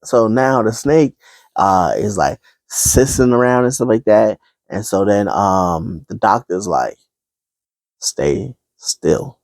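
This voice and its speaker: A man's voice: on the low side, a little slow, darkish tone, dry recording. A man casually retelling a movie plot, rambling, with many fillers and restarts. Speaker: vlogger.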